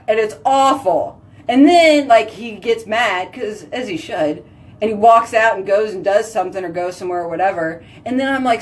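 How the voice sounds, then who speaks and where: A woman's voice: mid-range voice, lively intonation, normal speed. A chatty woman, hosting a casual live stream and talking with her viewers. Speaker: livestream host.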